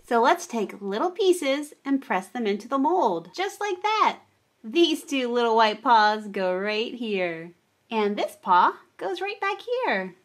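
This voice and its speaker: A woman hosting a children's toy show, narrating playfully in a gentle, patient teaching tone. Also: high voice.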